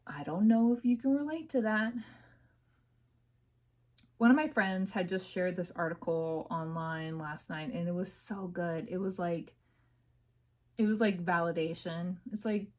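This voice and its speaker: A podcast host speaks at a measured pace in a mid-range, darkish voice. Sitting in her home office, she rambles and vents casually, leaning on plenty of filler words.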